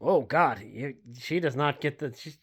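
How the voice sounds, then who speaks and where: A woman's voice: extremely low pitch, expressive, a little slow, breathy edge. A woman, chatting casually and rambling in a home vlog from her basement, self-deprecating, full of fillers and the odd swear. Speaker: book vlogger.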